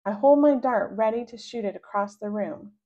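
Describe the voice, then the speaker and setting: A woman reading a children's book aloud, voicing the child narrator with sudden high, loud outbursts. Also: moderate pace, narrow, tinny audio. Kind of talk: read-aloud storytelling.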